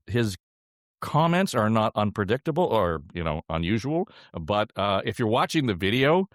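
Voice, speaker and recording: A man's voice: deep voice, dry recording, studio quality. An older man hosting a political podcast panel in an easygoing, chuckling way. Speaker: podcast host. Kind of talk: casual panel chat.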